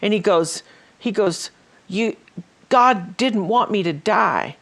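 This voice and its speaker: A woman's voice: mid-range voice, slow, fairly bright tone. A woman hosting a ministry talk show, telling stories in a casual way with many fillers and restarts. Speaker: host.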